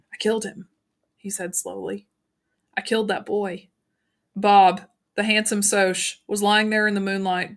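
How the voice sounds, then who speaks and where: Woman reading in a level, flat tone. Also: mid-range voice. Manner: even, unhurried reading with small slips. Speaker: audiobook narrator. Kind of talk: reading a novel aloud.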